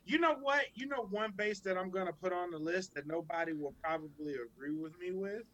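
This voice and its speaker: A man, probably in his thirties, co-hosting a podcast, telling stories in casual, profane, animated chat. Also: high voice, a little fast, low-quality recording. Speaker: podcast co-host.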